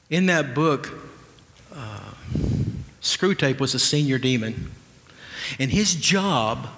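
A man's voice: mid-range voice, fairly bright tone, long reverb tail. A male pastor preaching an earnest, conversational sermon, often restarting his sentences.

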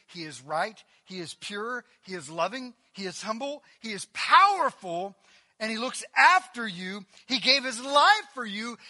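High bright-voiced male preacher. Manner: swings from loud emphatic lines to hushed near-whispers; conversational with fillers and quick asides. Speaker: pastor. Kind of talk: sermon.

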